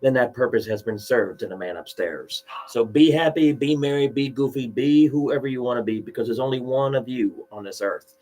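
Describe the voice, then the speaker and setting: A man with a Texan accent, a guest musician, speaking in a polite, earnest, soft-spoken way. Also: medium pitch, normal speed, few pauses, low-quality recording. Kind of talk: casual interview chat.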